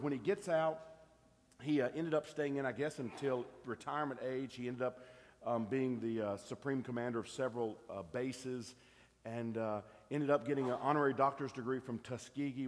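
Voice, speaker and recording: A man in his fifties with a drawl tells a story from the pulpit, folksy and quick to get excited. His voice sits at an ordinary pitch for a man. It rings out across a large church auditorium with a long reverb tail. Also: slight background noise. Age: 50s. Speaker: pastor.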